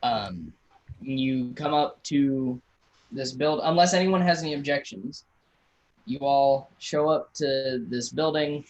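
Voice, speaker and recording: A man narrating a tabletop game as dungeon master, relaxed and halting, with many fillers. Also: mid-range voice, low-quality recording.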